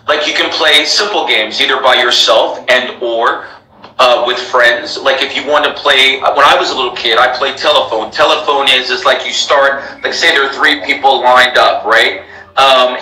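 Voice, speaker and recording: A man's voice: mid-range voice, sharp tone, echoey room, recorded from a distance, a little hiss or hum, poor audio. An American man who teaches English, speaking emphatically in a live interview, repeating himself and addressing his followers. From United States. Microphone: laptop call.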